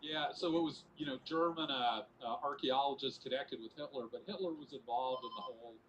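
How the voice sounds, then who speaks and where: Steady fact-giving man. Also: medium pitch, a little fast, muffled recording, noisy background. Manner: factual, steady, with fillers. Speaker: podcast guest with facts. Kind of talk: casual informative chat.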